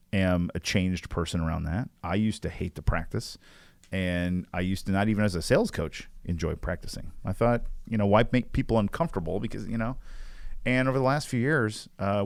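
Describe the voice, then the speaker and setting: A man's voice: on the low side, no room sound. A man co-hosting a podcast, chatting casually in an upbeat, joking way and laughing often. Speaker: podcast co-host.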